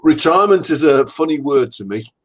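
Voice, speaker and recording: A man's voice: fairly high pitch, expressive, brisk, rough recording. A man in his sixties, an anatomist, chatting bluntly and with self-mocking humour in a video-call interview. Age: 60s. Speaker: anatomist guest. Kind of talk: casual interview chat.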